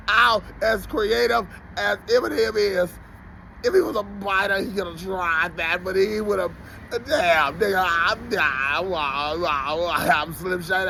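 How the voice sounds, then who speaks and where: A man's voice: high-pitched, gravelly, bright, forceful tone, a little hiss or hum. A man in his forties ranting in an unscripted vlog, profane and rambling, often laughing. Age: 40s. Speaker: vlogger. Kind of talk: unscripted rant.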